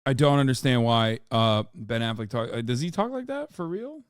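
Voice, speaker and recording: A man's voice: mid-range voice, lively intonation, normal speed, clean tone, dry recording, clean studio sound. A man in his thirties streaming casual, profane reaction commentary, ranting and mocking in an exasperated way.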